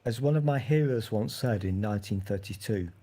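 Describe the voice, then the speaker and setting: Man with a mellow voice on a call. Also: on the low side, fairly quick. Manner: playful, trying out a New York accent. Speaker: video call participant. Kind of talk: casual chat. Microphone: video call.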